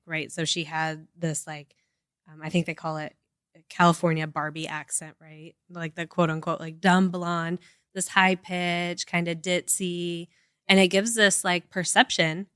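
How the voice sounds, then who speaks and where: A woman's voice: lowish voice, fairly bright tone, clean tone, no echo, studio quality. A woman co-hosting a casual podcast chat, explaining with examples and lots of "like" and "right?". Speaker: podcast co-host.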